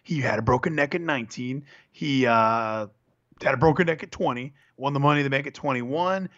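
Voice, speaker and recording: A man's voice: mid-range voice, fairly quick, a bit bright. Earnest male wrestling fan, dull sound. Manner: earnest fan, reels off facts, self-correcting. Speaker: podcast co-host. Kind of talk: casual wrestling chat.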